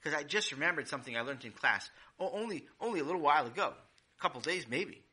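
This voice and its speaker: A man's voice: on the high side, animated, fast, bright, forceful tone, husky, exaggerated voice. Hesitant, stammering teen boy, played by a male storyteller. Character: hesitant teenage boy, older brother.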